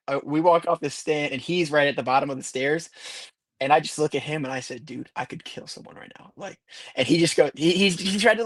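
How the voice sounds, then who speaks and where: A man talking as a guest racer on a casual live stream, telling animated stories and laughing often. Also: a little high, dry recording.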